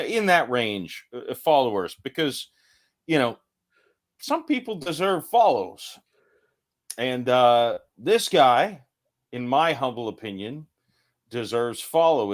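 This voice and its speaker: A man hosts a casual podcast chat, rambling and correcting himself as he goes. His voice sits at an ordinary middle pitch. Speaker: podcast host.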